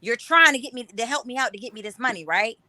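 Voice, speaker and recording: A woman co-hosting a podcast, pressing her point forcefully and teasing the men in a heated debate. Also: on the high side, animated, quick pace. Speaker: podcast co-host.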